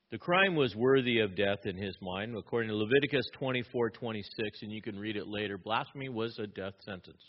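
A man preaching an expository sermon, asking rhetorical questions and acting out quoted lines with sudden rises in pitch and loudness. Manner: animated, rhetorical questions, acts out quotes with rising pitch and volume. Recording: slightly dull lo-fi sound.

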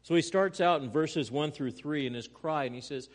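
A man preaching a sermon, earnest, moving between loud emphatic lines and quiet, hushed ones. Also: a little high, moderate pace, big-room sound. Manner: earnest preaching with dramatic swings in volume. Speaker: pastor.

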